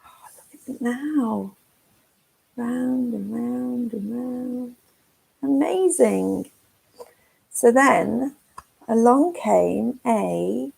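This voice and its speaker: Woman, children's nature-group leader; gentle sing-song story reading for toddlers, slightly high, gravelly and husky. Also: lively intonation, drawn-out words, pauses often, low-quality recording. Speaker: forest school leader. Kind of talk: reading a picture book to toddlers. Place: at home.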